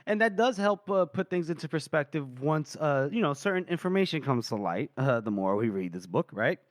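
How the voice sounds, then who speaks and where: A male podcast co-host with a slightly high voice, retelling a story in an animated way with frequent laughs and restarts. The sound is dry and close, with no room around it. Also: fairly quick, no room sound. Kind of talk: casual book discussion.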